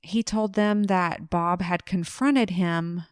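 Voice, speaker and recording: A woman narrating a true-crime case on a casual podcast. She talks slowly in a fairly low voice and laughs easily. The sound is dry and close to the mic. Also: clean tone, no room sound. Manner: relaxed storyteller, laughs easily, acts out quotes briefly.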